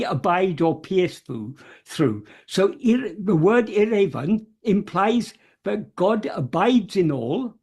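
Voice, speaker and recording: A speaker explaining a text piece by piece, with a slightly husky voice. The delivery is very slow and hesitant, full of pauses and small fillers, and key terms are gently repeated. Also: medium pitch. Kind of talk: slow, careful explanatory talk.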